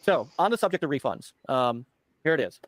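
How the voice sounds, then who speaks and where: A man's voice: medium pitch, sing-song, fairly quick, no echo. A man on a gaming livestream, reading a company statement aloud and commenting on it. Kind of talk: casual livestream chat.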